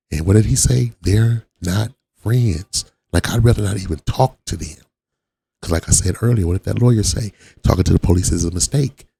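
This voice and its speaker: A man's voice: fairly low pitch, creaky, warm tone, breathy edge. A man from Watts giving blunt, profane reaction commentary on a video as the channel host. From Watts, Los Angeles. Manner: blunt, profane street talk.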